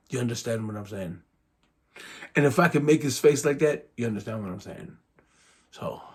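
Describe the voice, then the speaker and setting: A middle-aged man talking casually and at length to his son in a rambling, unhurried monologue. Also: mid-range voice, a little mellow.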